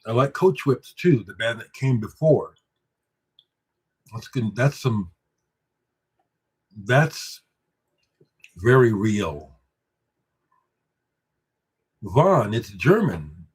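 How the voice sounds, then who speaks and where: A man with a husky, slightly breathy voice hosts a casual live stream and chats loosely with his viewers. He replies to their comments and talks up his own records with emphatic, boastful confidence. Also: medium pitch, big pitch swings, drawn-out words, pauses often. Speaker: musician hosting a live stream.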